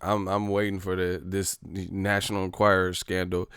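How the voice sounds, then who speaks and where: A man with a low, gravelly voice rambles through a live stream. He curses freely and jokes loosely, reading viewer messages aloud. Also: flat delivery, moderate pace, few pauses, fairly bright tone, dry recording, studio quality. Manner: profane, joking, puts on voices for bits. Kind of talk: casual live-stream chat reading super chats.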